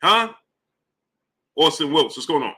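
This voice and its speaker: A man's voice: medium pitch, animated, normal speed. A man hosting a boxing live stream, greeting chat viewers by name between emphatic, questioning commentary. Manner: shouts out chat names between points, rising emphatic questions. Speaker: boxing channel host.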